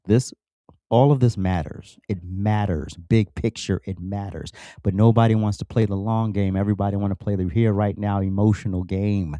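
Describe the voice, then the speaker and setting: A man's voice: fairly low pitch, steady tone, moderate pace, mellow, no room sound, studio quality. A man hosting a political commentary show, ranting emphatically with sarcastic asides and plenty of repetition. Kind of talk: political rant monologue.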